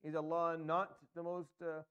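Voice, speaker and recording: A man's voice: a little high, completely flat delivery, normal speed, clean tone, lo-fi sound. A man teaching a Quran tafsir lesson, explaining Arabic grammar step by step and reciting verses, with frequent fillers and restarts.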